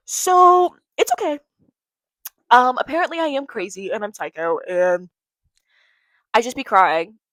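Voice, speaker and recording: A woman's voice: fairly high pitch, a bit bright, no room sound. A young woman hosting a casual solo podcast, rambling and giggly, a little congested from allergies. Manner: rambling, giggly, self-interrupting. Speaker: podcast host.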